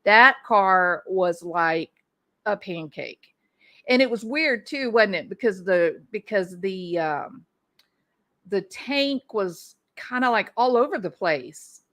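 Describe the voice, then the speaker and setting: A woman hosts a casual live stream, reading viewer comments aloud and chatting back to the audience. Her voice is bright and clear. She thinks out loud as she goes, restarting sentences and breaking into small laughs. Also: medium pitch, expressive, slow. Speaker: livestream host.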